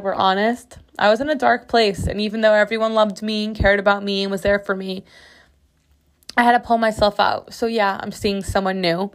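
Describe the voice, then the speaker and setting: Woman podcast host, solo casual chat from her bathroom, frank, expressive, loose with swearing. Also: mid-range voice. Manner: candid, expressive, swears freely. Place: bathroom floor.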